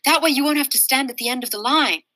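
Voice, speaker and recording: A woman's voice: sits high, fast talker, pushed and bright, husky, dry recording, pitched above the performer's own voice, full character voice. A woman doing a sweet, friendly schoolgirl.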